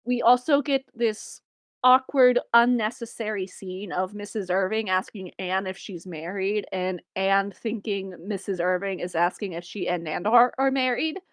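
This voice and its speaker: A woman's voice: medium pitch, moderate pace, dry recording. A young woman co-hosting a podcast, casually recapping a film with wry asides and frequent laughter. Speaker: podcast co-host.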